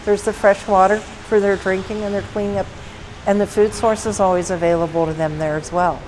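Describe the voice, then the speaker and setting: A woman in a documentary interview explaining something in a brisk way. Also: mid-range voice, fairly even intonation, darkish tone, a little hiss or hum, poor audio.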